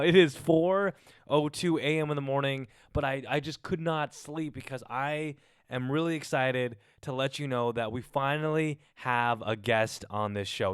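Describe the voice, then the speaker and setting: A male podcast host giving an energetic, playful solo intro from his home garage. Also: medium pitch, clean tone, no echo, clean studio sound. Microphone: studio microphone through a mixer.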